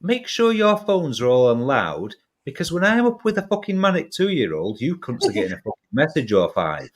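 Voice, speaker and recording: A man in rowdy banter among friends, loud, crude and shouty. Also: on the high side, wildly swooping pitch, normal speed.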